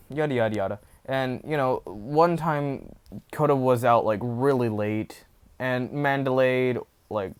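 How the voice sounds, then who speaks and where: Man, casual storytelling, slow pace, smooth clear voice, rambling with fillers. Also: medium pitch. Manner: rambling, full of fillers and self-corrections. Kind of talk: casual spoken fan-story retelling.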